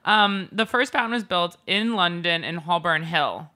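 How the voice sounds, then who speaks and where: A woman hosting a casual chat show, easygoing and jokey, with flashes of mock outrage. Her voice sits a little low but sounds bright and forward. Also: moderate pace. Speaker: podcast co-host.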